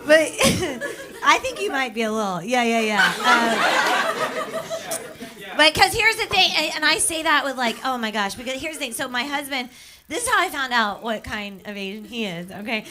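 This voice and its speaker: A woman's voice: high voice, big pitch swings, normal speed. A pregnant woman doing stand-up crowd work, playful and teasing and laughing often, in a comedy club. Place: comedy club with a live audience. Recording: loud crowd laughter and noise.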